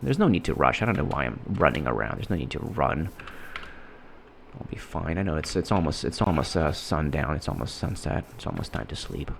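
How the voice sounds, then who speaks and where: A man giving casual, rambling commentary while playing a game, halting and restarting his sentences often. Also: rumbling low, sing-song, creaky, slight background noise. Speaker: gameplay commentator.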